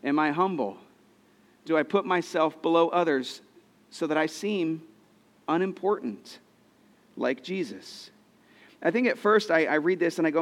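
A man's voice: fairly high pitch, moderate pace. A man preaching a sermon as a pastor, earnest and storytelling, with frequent repeated phrases.

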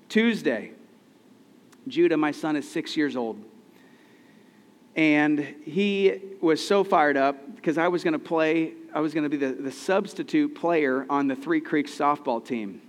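A man's voice: fairly high pitch, expressive, a little slow. A man in his thirties preaching a sermon, conversational and earnest, asking the listeners questions. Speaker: pastor. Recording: long hall reverb.

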